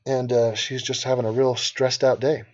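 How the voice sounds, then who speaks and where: A man's voice: mid-range voice, level tone, normal speed, darkish tone, a little hiss or hum. A man from Los Angeles hosting a casual livestream, brash and sarcastic as he reads out and answers questions from the chat. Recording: dull lo-fi stream audio.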